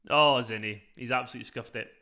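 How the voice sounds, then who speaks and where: A man hosts a live football watchalong in a bright, forward voice. He chats loosely with his viewers and breaks off to react to the match. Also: mid-range voice, fairly even intonation, fast talker. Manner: chatty, reacts to the match while answering viewers. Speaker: fan channel host.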